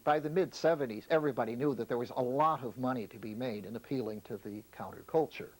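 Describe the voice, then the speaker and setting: A man's voice: medium pitch, fast talker, low-quality recording. A male radio host being interviewed, giving assured, analytical commentary.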